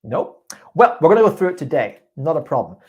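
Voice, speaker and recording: A man's voice: on the high side, big pitch swings, a little fast, a little mellow, husky, dull audio. A man teaching an IELTS speaking class live online, giving a student encouraging tips over a video call. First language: English. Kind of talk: live online coaching session.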